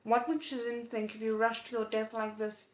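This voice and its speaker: A woman reading the lines of a firm young female disciple who scolds in a steady, stern way. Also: on the high side, normal speed, close to an everyday voice. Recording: echoey room.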